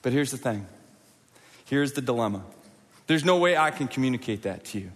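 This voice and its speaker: A middle-aged man preaching a sermon in a large church auditorium, conversational and animated, often acting out quotes and asking the crowd for hands. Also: medium pitch, fairly quick, in a large hall. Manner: animated, conversational, with acted-out quotes and audience prompts. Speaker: pastor.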